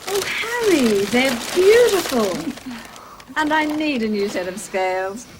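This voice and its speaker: An actress playing an excitable aunt who gushes and exclaims. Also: female voice, high voice, measured pace, background noise. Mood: gushing. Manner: gushing and exclaiming. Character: fussy, excitable Australian aunt.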